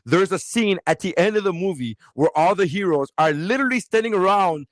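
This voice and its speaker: A man in his thirties co-hosting a podcast, telling stories quickly and swearing often in casual chat. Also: sits high, dry recording. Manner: fast, animated storytelling with heavy swearing. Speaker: podcast co-host.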